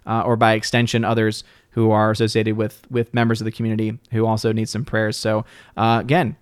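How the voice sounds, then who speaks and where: A man hosting a livestream, signing off casually, thanking viewers and reading supporter names with lively upward lifts. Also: fairly low pitch, fairly quick, smooth, dry recording, studio quality. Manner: jokey, playfully mangles words. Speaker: livestream host. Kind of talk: casual stream sign-off and shout-outs.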